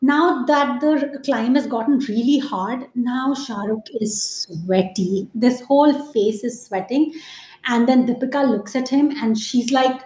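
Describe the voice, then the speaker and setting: A woman's voice: fairly high pitch, unhurried. A woman co-hosting a podcast, chatting casually about films with frequent laughs. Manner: animated, laughs often while talking. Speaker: podcast co-host. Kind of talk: casual film chat. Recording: roomy echo.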